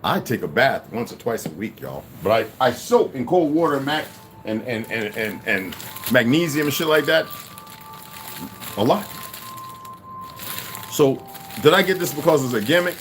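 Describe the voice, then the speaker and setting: With faint music behind him, a man in his fifties rambles through a blunt, profane livestream monologue, repeating words and restarting sentences in stream-of-consciousness fashion. His medium-pitched voice is expressive, at a moderate pace with long pauses.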